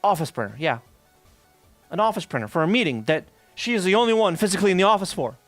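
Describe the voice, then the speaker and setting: A man's voice: high-pitched, lively intonation, fast, no room sound, soft background music. A man streaming, telling a rambling workplace story in casual chat, full of profanity, fillers and asides.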